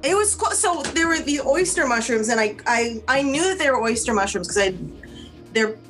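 A woman's voice: high voice, animated, moderate pace, a bit bright, faint music behind. A young woman co-hosting a podcast, talking animatedly and swearing freely in casual chat. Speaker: podcast co-host.

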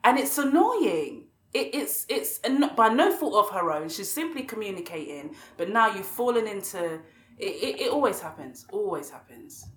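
A woman's voice: mid-range voice, normal speed. Woman guest, passionate, trips over repeats, echoey room. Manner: passionate, animated, repeats words when worked up. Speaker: podcast guest, radio show host. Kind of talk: conversational interview. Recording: roomy echo.

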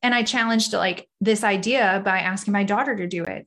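A woman's voice: mid-range voice, normal speed, a bit bright. A middle-aged woman talking casually to camera from home, chatty and rambling with lots of fillers, candid and encouraging. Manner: candid, self-deprecating, encouraging. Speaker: faith-based self-esteem speaker. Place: home room.

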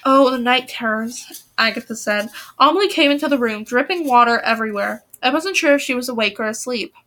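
Young woman reading a novel out loud, high voice, acts out the dialogue a bit. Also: fairly quick. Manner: reads with lively acted dialogue, voice rising for quoted shouts. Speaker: reader of a novel.

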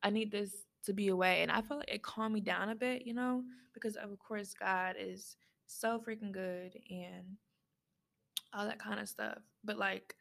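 A young woman talks through a personal story on her podcast, loose and rambling, full of fillers and asides to her listeners. Her voice has a gravelly, fry-tinged edge at a middle pitch. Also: steady tone, measured pace, fairly bright tone. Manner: rambling, many fillers, speaks straight to listeners. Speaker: podcast host. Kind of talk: casual personal talk.

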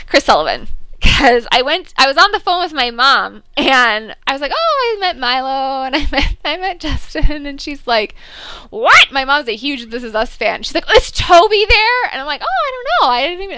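A woman's voice: sits high, pushed and bright, clean tone, no room sound. A woman co-hosting a casual fan chat, telling stories animatedly, acting out quotes and laughing often. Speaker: podcast co-host.

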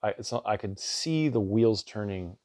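A man's voice: fairly low pitch, expressive, moderate pace, darkish tone, no room sound, clean studio sound. A man in his thirties hosting a podcast, telling a family story in an earnest, rambling way with restarts and lots of "like". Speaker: podcast host, father. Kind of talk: casual storytelling monologue.

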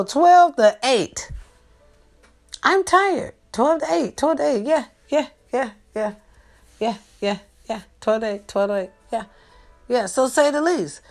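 A young woman hosting a loose, casual night talk for her viewers, teasing and streetwise in her delivery. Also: medium pitch.

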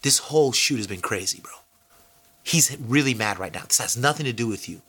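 Placating male producer, low and hushed, soothing, put on by a man. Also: expressive, fairly quick, husky.

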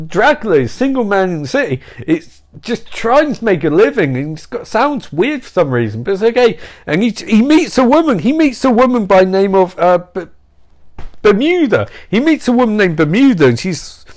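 A young man streaming, improvising a silly story in a rambling, animated way. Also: high-pitched.

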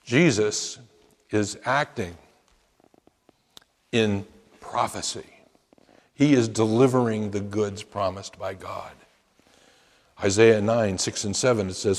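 A man delivers a sermon from the pulpit at an unhurried, measured pace. His voice swells into emphatic, chanted quotations before settling back. The sound carries the long reverb of a large hall. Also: fairly low pitch, steady tone. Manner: emphatic preaching with rising chanted quotes. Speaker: pastor.

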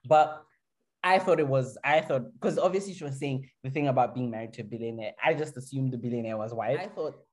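A woman with a very deep voice co-hosts a podcast, talking a little fast as she reviews a reality show in a casual chat. She's animated, rambles, and restarts her thoughts often.

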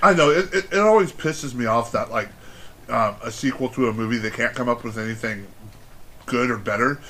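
A man's voice: medium pitch, a little fast, bright, forceful tone, slight background noise. A man co-hosting a podcast, chatting casually in a rambling way with lots of fillers and swearing. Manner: rambling, filler-heavy storytelling with profanity. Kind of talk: casual chat.

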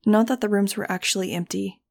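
A woman narrating a first-person audiobook in a measured, grave storytelling manner. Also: medium pitch, fairly even intonation, vocal fry, a little mellow. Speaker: audiobook reader.

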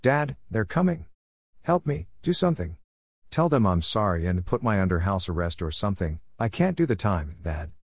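A man's voice: lowish voice, big pitch swings, moderate pace, husky, no room sound, full character voice. A man voicing a frightened young man who pleads desperately with his father in a spoken story. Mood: panicked.

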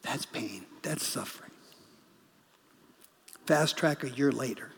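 A middle-aged man, a guest pastor, preaching a sermon as a story, swinging from urgent bursts to hushed, whispered lines. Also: medium pitch, slow pace, breathy edge, long reverb tail. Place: church sanctuary.

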